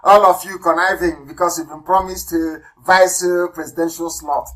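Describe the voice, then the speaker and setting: A man with a Nigerian accent giving a live radio address, fiery and denouncing. He repeats words for emphasis and swings between loud bursts and low asides. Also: fairly even intonation, normal speed, low-quality recording. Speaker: political leader broadcasting on radio.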